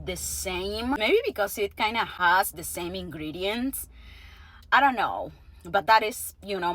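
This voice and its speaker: A woman hosts a casual food-tasting vlog, taking her time over each sentence. Her voice sits at an ordinary middle pitch, and she breaks into soft, quiet murmurs while she tastes. The talk is relaxed and friendly. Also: dry recording. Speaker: food reviewer.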